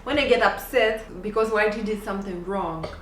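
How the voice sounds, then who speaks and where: A woman's voice: medium pitch, normal speed, slight background noise. A young woman co-hosting a couple's channel, chatting casually and animatedly, often laughing as she tells stories. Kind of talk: casual chat. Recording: roomy, slightly distant mic, faint ambience.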